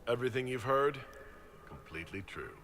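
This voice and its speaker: A gruff horned game warrior, blunt, lively pitch, noisy game-audio bed. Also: male voice, fairly quick. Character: gruff horned male Qunari warrior, mercenary. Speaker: game character voice sample. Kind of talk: video game voice acting.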